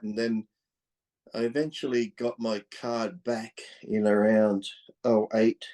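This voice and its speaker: A middle-aged Australian former pro bodybuilder tells stories as a podcast guest, blunt and fired up, swearing and laughing between points in candid conversation. His voice is fairly low, flat, slow, and mellow.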